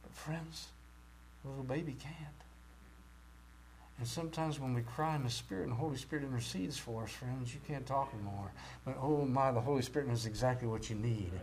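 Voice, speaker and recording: A man preaching a sermon with great passion, rising to loud cries and dropping to near-whispers. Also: mid-range voice, brisk, a little hiss or hum. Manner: impassioned, swings from shouting to near-whispers.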